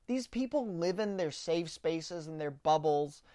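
This political podcast host is a woman with a warm, lowish voice who speaks animatedly and unhurriedly, with hardly any pauses. She rants in opinionated commentary, mimics opponents sarcastically in put-on quotes, and often stumbles on repeated words as she begins sentences.

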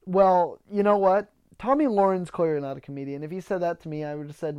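A man's voice: high-pitched, brisk, few pauses, mellow, clean tone, muffled recording. A man hosting a podcast, ranting in a casual monologue, swearing freely and often repeating words as he starts sentences. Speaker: podcast host.

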